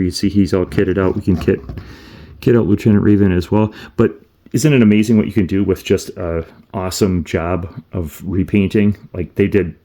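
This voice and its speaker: Man, casual product review, thinks aloud, low voice, relaxed warm tone. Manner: meandering, thinks aloud while handling items. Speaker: toy reviewer.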